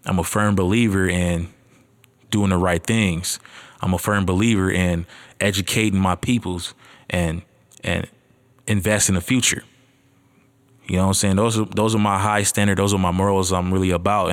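Nervous guy rambling thru his first podcast, low voice, cussing a lot, real slangy. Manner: rambling, profane, slangy, talks straight to listeners. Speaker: podcast host. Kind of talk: casual solo podcast monologue.

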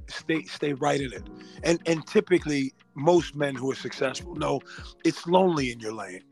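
Gravelly, animated man hosting a podcast. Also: a little high. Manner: animated, emphatic, slangy. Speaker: podcast host, doctor. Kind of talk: casual chat.

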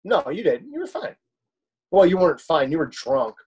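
A man's voice: fairly high pitch, sing-song, normal speed, darkish tone, breathy edge. A man co-hosting a podcast, telling a rambling story in casual chat, swearing and laughing often. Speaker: podcast co-host.

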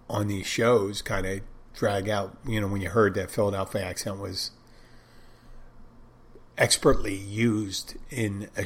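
A man talking in a loose, casual monologue, often breaking off and restarting his sentences as he thinks aloud. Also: fairly low pitch. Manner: rambling, self-interrupting, conversational.

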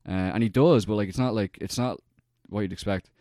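A man's voice: lowish voice, a little fast, dark tone, no echo, clean studio sound. A young man chatting casually, rambling and swearing with lots of fillers as he recounts a film. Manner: rambling, profane, heavy on fillers. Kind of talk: casual chat.

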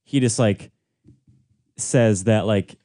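Young podcast guy, lowish mellow voice, rambly and casual, dry close mic. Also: takes it slowly, no room sound. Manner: rambling, filler-heavy. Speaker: podcast co-host. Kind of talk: casual chat.

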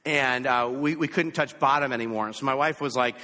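Bright-voiced male preacher telling a story. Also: mid-range voice, fairly quick. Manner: animated, self-mocking anecdote. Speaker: pastor. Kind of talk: sermon storytelling. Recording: echoey hall.

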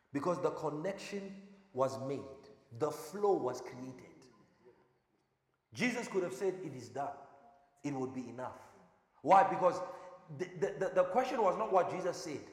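A male preacher with a high voice that leaps up and down, quizzing his listeners and hammering home repeated lines. He is heard in a big echoey hall with a long reverb trailing each phrase. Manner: call-and-response questioning, emphatic repetition. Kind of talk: sermon.

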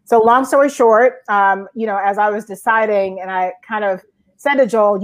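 A woman in her forties from Georgia, recounting her career as an interview guest in a lively storytelling way with frequent fillers. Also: mid-range voice, moderate pace. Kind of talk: conversational storytelling.

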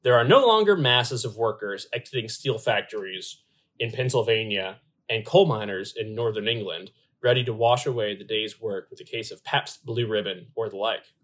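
Male podcast host, casual and animated, reads text aloud with playful emphasis. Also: on the low side, moderate pace. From Louisville area, US. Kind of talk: casual podcast chat about beer.

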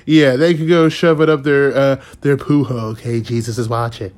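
A man in his thirties ranting in a casual, profane, rambling way, sarcastic and quick to laugh. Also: mid-range voice, fairly even intonation, a little mellow. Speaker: podcast host. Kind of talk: casual rant.

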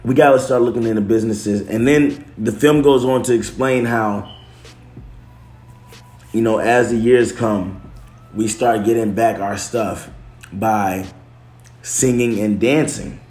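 A man's voice: fairly low pitch, fairly even intonation, measured pace, pauses often, darkish tone. A man talking casually to camera, loose and slangy, swearing, restarting and correcting himself as he goes. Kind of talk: casual chat. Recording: echoey room.

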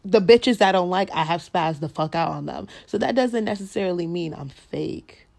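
Blunt, profane young woman podcaster, gravelly. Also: on the low side, normal speed. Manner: blunt, profane, animated retelling with quoted dialogue. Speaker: podcast host. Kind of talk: casual storytelling rant.

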